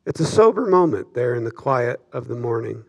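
Male pastor, sermon, gravelly texture, measured reflective delivery. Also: mid-range voice, big pitch swings. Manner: reflective, measured preaching with slow emphatic pauses. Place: church sanctuary.

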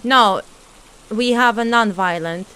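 Slow-talking, scared woman gamer. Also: fairly high pitch, bright, forceful tone, clean tone. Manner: talks to the ghost, scared, laughing nervously. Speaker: streamer playing a horror game. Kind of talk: nervous gameplay commentary. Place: at home at her computer.

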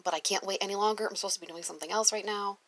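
A woman and former preschool teacher chats casually while reading from her old notes. Her voice has a gravelly, fried texture at a middling pitch. She gushes and often drops into soft whispered asides. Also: steady tone, racing, low-quality recording.

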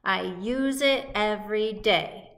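A woman's voice: mid-range voice, slow, a bit bright. A woman teaching a music lesson to young children in a cheerful, sing-song call-and-response way, recorded at home.

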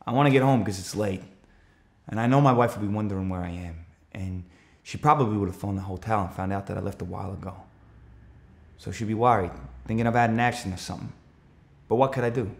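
A man's voice: fairly low pitch, steady tone, brisk, vocal fry. A man playing an anxious, defensive countryman. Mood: uneasy. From Australia. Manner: earnest, rising to urgent shouts when retelling the chase. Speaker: actor performing a stage monologue. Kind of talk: theatrical monologue.

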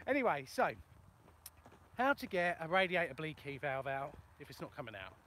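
High, bright-voiced man. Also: sing-song, moderate pace, slight background noise. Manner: chatty, self-mocking, answers viewer questions. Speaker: plumber and video host. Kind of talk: casual live-stream chat while walking. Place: outdoors in a ploughed field in the countryside. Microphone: phone for a live video.

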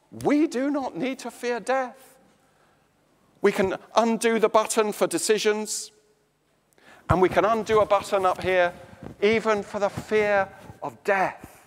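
An English man preaching a slow, emphatic sermon in a church. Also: fairly bright tone, big-room sound. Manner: slow, emphatic preaching with dramatic swings of pitch and volume.

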